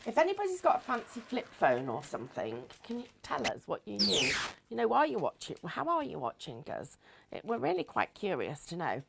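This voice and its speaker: A woman's voice: medium pitch, wildly swooping pitch, brisk, creaky, a little hiss or hum. A woman hosting a live craft show, chatting in a rambling, giggly way. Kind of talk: live crafting demonstration chat.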